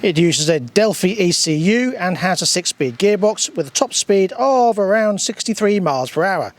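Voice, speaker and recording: A man's voice: a little high, no echo. A British man hosting a motorcycle review, walking through it with dry humour and the odd filler um. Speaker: motorcycle reviewer and channel host. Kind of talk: scripted review walkthrough.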